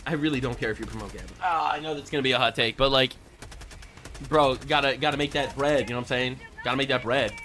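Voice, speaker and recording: A man's voice: mid-range voice, fast talker, a little hiss or hum. A man streaming live, joking and rambling as he reacts to a video. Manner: joking, rambling and animated, drops into mock voices. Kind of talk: casual live-stream commentary.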